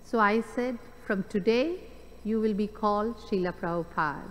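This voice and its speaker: A woman's voice: medium pitch, normal speed. A woman in a class reading a memoir passage aloud with rising emphasis. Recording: distant voice in a reverberant hall.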